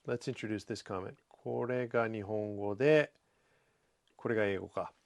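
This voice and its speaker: Male host, middle pitch, relaxed chatty read of viewer comments on a casual stream. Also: creaky. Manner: breaks into playful high scolding voices. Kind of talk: casual livestream comment reading.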